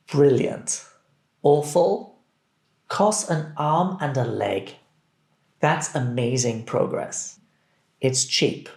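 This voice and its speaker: A man teaching English, reading phrases deliberately and clearly so that learners can repeat them. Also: a little high. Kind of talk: scripted language drill. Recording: roomy echo.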